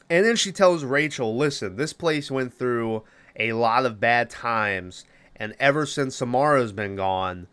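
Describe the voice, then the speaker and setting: Smooth-voiced man ranting through a movie recap. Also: medium pitch, fairly bright tone. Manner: profane, rambling, lots of fillers. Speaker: podcast host.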